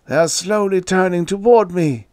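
A man doing a hysterical man haunted by unseen horrors, his voice climbing to shrill shrieks and sinking to hoarse moans. The audiobook reading sounds close and dry, with no room around it. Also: a little slow, no echo, natural voice. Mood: shrieking terror. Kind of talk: audiobook character voice.

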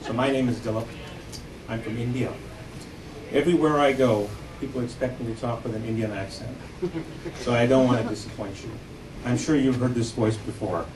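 A man with an American accent doing a stand-up comedy set on a club stage, with deadpan setups and a punchy delivery. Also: medium pitch, a little fast, pauses often. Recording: echoey club from a distance with noise.

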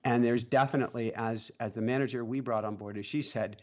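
A man's voice: medium pitch, a little fast, lo-fi sound. A man co-hosting a casual chat, telling stories with lots of laughter. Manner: animated storyteller, laughs often. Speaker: co-host.

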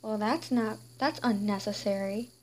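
A woman's voice: medium pitch, moderate pace, a little mellow, slight background noise. A woman giving playful, chatty gameplay commentary while role-playing as a queen. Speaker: game player.

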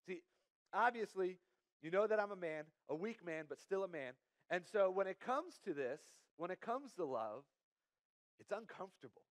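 Animated young pastor with a high voice. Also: male voice, moderate pace, no echo. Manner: storytelling, self-deprecating humor. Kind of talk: sermon. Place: church.

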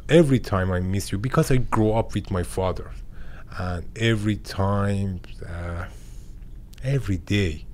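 A young man with a Persian accent, a boxer and a guest in a studio interview, speaking halting English and searching for words. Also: lowish voice, a little mellow, slight background noise. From Iran. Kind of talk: interview conversation. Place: podcast studio.

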